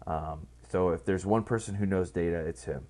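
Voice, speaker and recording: A man's voice: low voice, normal speed, a little mellow. A man giving casual, rambling political commentary, blunt and profane, full of fillers and restarts.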